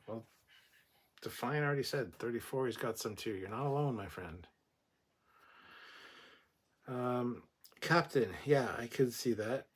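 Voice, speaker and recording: A man's voice: lowish voice, husky. A man hosting a casual livestream, reading viewer comments and reacting in an offhand, conversational way. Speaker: livestream host reading chat.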